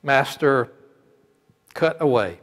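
A man voicing a gentle, devoted male bamboo plant that pleads with his master, in a sermon story. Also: medium pitch, lively intonation, takes it slowly. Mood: surrendering. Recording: long hall reverb.

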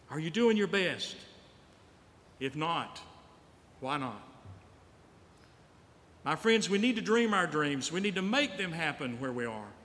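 Male pastor, storytelling sermon, a little high-voiced, in a church hall with long reverb. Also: a bit bright. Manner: storytelling preacher, repeats lines for emphasis. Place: church sanctuary.

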